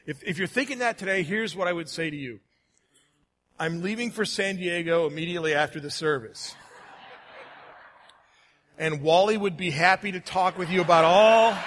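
Bright-voiced preacher man. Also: fairly high pitch. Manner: friendly, joking, varies pace for emphasis. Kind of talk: sermon. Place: church.

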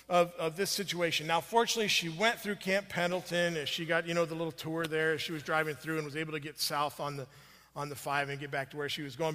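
A man's voice: on the high side, sharp tone, in a large hall. A man preaching a sermon, telling a story in a conversational way with restarts and fillers. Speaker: pastor.

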